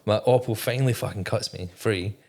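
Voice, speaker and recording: A man's voice: on the low side, a little fast, gravelly, darkish tone. A man, a podcast guest telling a candid story, swearing constantly and acting out his own thoughts. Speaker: podcast guest, former navy technician.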